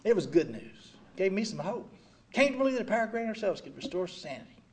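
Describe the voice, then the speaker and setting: An older man speaking at a recovery meeting, giving an animated, self-mocking personal testimony full of "you know.". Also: sits high, fast talker, a little hiss or hum.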